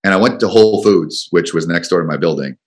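A man's voice: sits low, fast talker. A man guesting on a radio talk show as a business coach, telling a story in a rambling, chatty way with restarts. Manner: rambling, with restarts and acted-out dialogue. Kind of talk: conversational storytelling. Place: radio studio.

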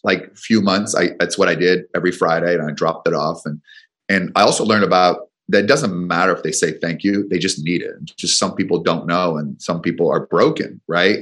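A man's voice: deep voice, a bit bright. A man, a business coach and guest, telling a long personal story in an interview with frequent restarts and repeated words. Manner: rambling anecdotes with frequent restarts.

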